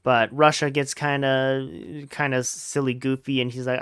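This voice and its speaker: A man's voice: mid-range voice, level tone, unhurried, a bit bright, clean tone, no room sound, clean studio sound. A man hosting a let's-play podcast, chatting casually about a book with lots of fillers and playful gamer slang. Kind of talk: casual book discussion over gameplay.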